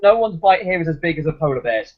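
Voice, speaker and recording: A man's voice: on the high side, expressive, fast talker. A man joining a casual video chat, making dry jokes. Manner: dry joking. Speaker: author guest. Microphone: video call. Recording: dull lo-fi video call audio.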